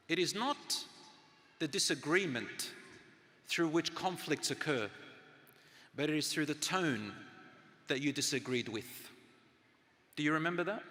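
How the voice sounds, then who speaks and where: A middle-aged man giving an earnest sermon, moving from loud emphasis to soft, hushed tones. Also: fairly high pitch, in a large hall. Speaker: Islamic lecturer.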